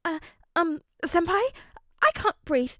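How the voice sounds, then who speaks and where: A woman's voice: very high voice, sing-song, slow, bright, forceful tone, dry recording, studio quality, pitched above the performer's own voice, heavily acted. A woman voicing a nervous, flustered teenage boy hero who stammers and corrects himself.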